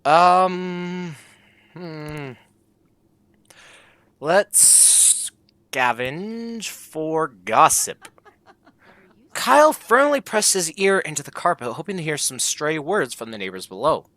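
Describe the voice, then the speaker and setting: A man's voice: on the high side, big pitch swings, slow, long pauses, bright, forceful tone, no echo. Man reading a text game aloud. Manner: playful, reads game text in put-on voices and jokes about it. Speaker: gameplay commentator.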